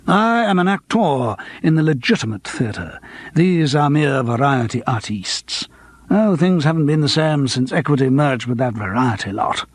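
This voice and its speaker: A man's voice: medium pitch, expressive, normal speed, no room sound, natural voice. A man playing a grandiose, self-mocking stage actor. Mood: mock-pompous. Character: theatrical middle-aged male stage actor, self-mocking.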